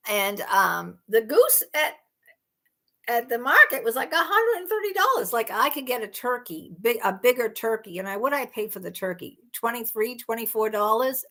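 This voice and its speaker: A woman's voice: a little high, pushed and bright. A woman hosting a casual livestream chat, rambling and exclaiming in disbelief. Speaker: livestream host.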